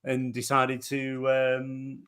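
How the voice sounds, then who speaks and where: A man on a gaming podcast, telling animated, swear-laden stories and acting out the quotes. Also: medium pitch, slow pace, smooth. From England. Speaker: podcast panelist. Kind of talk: casual chat.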